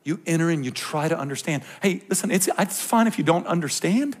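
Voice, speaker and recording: A man in his thirties preaching to a youth group, swinging between quiet explanation and passionate ranting with jokes aimed at the crowd. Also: on the high side, animated, fairly quick, breathy edge. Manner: impassioned, ranting and joking with the crowd. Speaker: youth pastor. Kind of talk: sermon.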